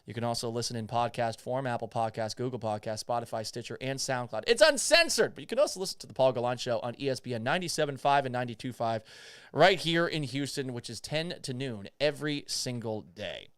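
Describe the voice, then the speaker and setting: Lively, profane sports talk host. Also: male voice, mid-range voice, fast talker, clean tone. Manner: animated, profane, incredulous. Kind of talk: casual sports talk rant. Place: Houston.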